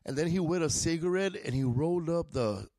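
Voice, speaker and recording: His voice on the high side and mellow, moving a little fast, the East Los Angeles comedian tells loose, profane stories and laughs through a casual conversation. It's recorded indoors in a podcast studio with no echo.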